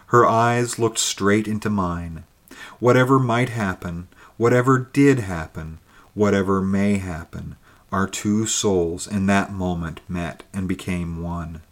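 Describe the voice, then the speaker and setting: A man narrating a ghost story in a measured, wistful way. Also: deep voice. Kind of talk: scripted narration.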